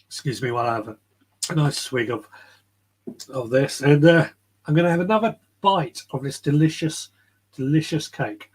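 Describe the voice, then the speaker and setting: This casual live stream comes from a garden shed, where a podcast host meanders between ideas in an easygoing way and responds to viewer comments as they arrive. The man's slightly husky voice sits a bit high, and he keeps a normal speed while pausing often.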